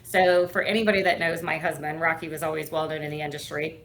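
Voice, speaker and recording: A woman's voice: low voice, level tone, fast talker, a bit bright, slight background noise. A middle-aged woman guesting on an interview, telling her career story in a chatty way with lots of fillers. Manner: chatty, many fillers, acts out quoted dialogue. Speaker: guest, firm owner and CEO.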